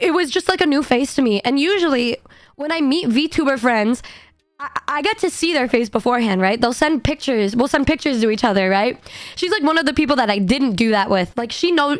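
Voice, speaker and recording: A woman streamer with a hoarse voice, telling a story in animated casual chat, laughing and swearing freely. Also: sits high, no room sound, clean studio sound. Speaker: VTuber streamer.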